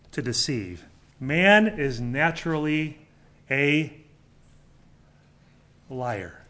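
Male preacher, slightly high voice, emphatic sermon delivery with repeated questions. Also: fairly bright tone. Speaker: pastor.

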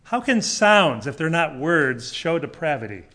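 A man's voice: on the high side, very animated, unhurried, pushed and bright. Man preaching with emphatic rhetorical questions. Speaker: pastor. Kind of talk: sermon.

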